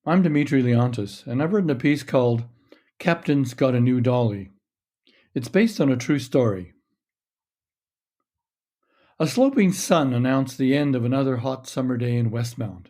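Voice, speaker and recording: A man reading his own short story aloud in a measured, steady narration. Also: medium pitch.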